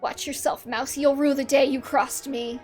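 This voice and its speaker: A woman's voice: high-pitched, steady tone, normal speed, darkish tone, faint music behind, natural voice. A woman voicing a fiery, hardworking young woman soldier in a game scene. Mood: brisk.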